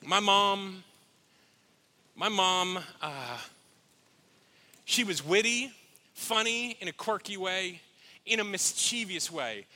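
A man's voice: fairly high pitch, bright, forceful tone. A middle-aged man, a pastor, giving a sermon in a heartfelt, storytelling way with asides to the congregation.

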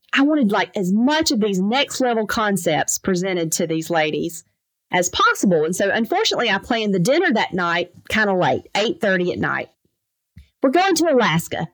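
A woman lawyer telling lively anecdotes in a casual interview, acting out the voices of the people in her stories. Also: medium pitch, no room sound, low-quality recording. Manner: animated, fast anecdotes with lively quoted voices. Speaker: trucking lawyer, podcast guest.

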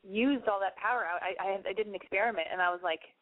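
A woman's voice: medium pitch, quick pace, dry recording. A young woman co-hosting a casual call-in show, bubbly and playful, swearing freely. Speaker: radio call-in co-host. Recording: phone-like narrow band.

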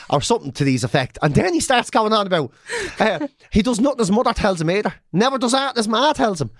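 A Dublin man in his forties tells a comic story with lots of swearing, and he keeps checking in with "right?" His pitch rises and falls a lot. The sound is dry and close. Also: lively intonation, fast, dry recording.

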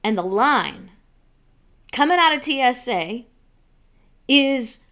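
A woman hosts her own show and tells her story in an animated, emphatic way, full of exasperation. Her voice sits a little high. She moves from telling the story to laying out a legal argument point by point. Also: slow. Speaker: show host.

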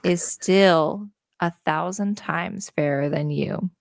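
A solemn, blunt magic mirror, as a woman puts it on delivers its answer slowly and deliberately. The voice stays low and gravelly, with a close, dry sound. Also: no room sound.

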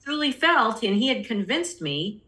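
A woman's voice: on the high side, very animated, a little slow, bright, forceful tone. A middle-aged woman, a podcast guest, telling her personal story candidly and acting out the voices of people she quotes. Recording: roomy echo.

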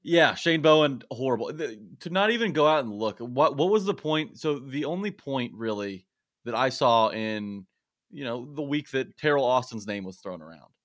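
A man's voice: mid-range voice, expressive, normal speed, a bit bright, no room sound, studio quality. A man co-hosting a sports podcast, explaining at length with many fillers and restarts. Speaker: podcast co-host. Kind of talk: casual sports podcast analysis.

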